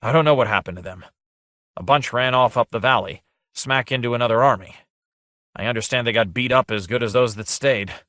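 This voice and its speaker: A man's voice: medium pitch, a little fast, fairly bright tone, no room sound, clean studio sound, voice pushed up, close to an everyday voice. A man reading an audiobook, voicing a hot-tempered, threatening inn owner who talks brusquely and aggressively. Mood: agitated.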